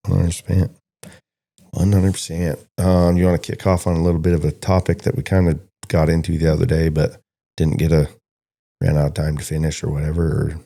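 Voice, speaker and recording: A man's voice: rumbling low, gravelly, dark tone. A man co-hosting a casual podcast about stockdog training, telling long rambling stories and acting out the conversations he quotes. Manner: rambling storyteller who acts out quoted conversations.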